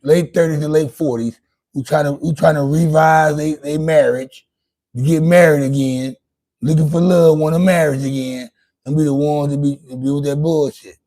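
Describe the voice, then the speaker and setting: A man's voice: fairly high pitch, fairly even intonation, moderate pace, warm tone. A man hosting his own livestream, talking loosely and profanely to his chat, rambling with lots of restarts. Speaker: livestream host. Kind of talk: casual livestream monologue.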